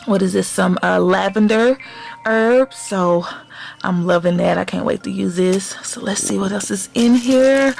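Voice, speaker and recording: Slow, gravelly woman gushing over an unboxing. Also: mid-range voice, soft background music. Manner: gushing, excitable, addresses viewers as y'all. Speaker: vlogger unboxing a gift box. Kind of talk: casual unboxing chat.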